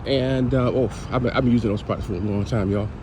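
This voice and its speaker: A man's voice: on the low side, steady tone, quick pace, noisy background. A man giving an upbeat, encouraging wellness vlog to his viewers while walking outdoors. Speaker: health and wellness vlogger. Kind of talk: casual motivational vlog. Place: outdoors, walking on a route with trees.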